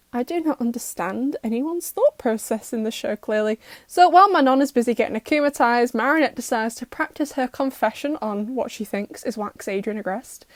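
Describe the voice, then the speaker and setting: A young woman with a somewhat high voice talks through a cartoon episode with sarcastic, exasperated humour. Her delivery is dry and close to the mic, with no room sound. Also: no echo. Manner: sarcastic, exasperated roasting with mock quotes. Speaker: YouTuber reacting to a cartoon. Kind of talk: comedic episode recap.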